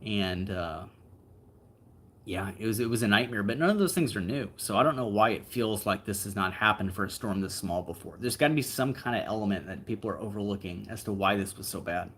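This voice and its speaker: This livestream host is a man with a lowish, husky, a bit bright voice who talks animatedly and a little fast. He responds to viewers' comments in a relaxed, meandering way, dropping frequent fillers and side remarks.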